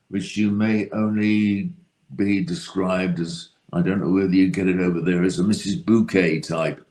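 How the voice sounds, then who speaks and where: British man, deep voice, unhurried, dry self-deprecating stories. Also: darkish tone. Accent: British English. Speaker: guest. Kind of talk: casual anecdote.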